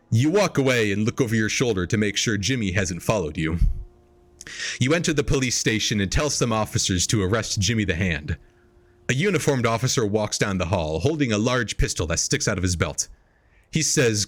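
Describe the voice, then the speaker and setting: A man's voice: animated, normal speed, soft background music. Man reading a silly story aloud. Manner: reads quoted lines in exaggerated higher voices, laughing at the text. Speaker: podcast host reading an AI-written story. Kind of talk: comedic dramatic reading. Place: home streaming setup.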